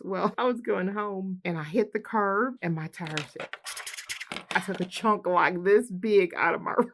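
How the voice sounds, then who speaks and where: Gravelly-voiced woman telling a war-veteran anecdote. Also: on the low side, slight background noise. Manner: lively, laughs often while telling. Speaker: military veteran telling a personal story. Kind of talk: personal anecdote told to camera.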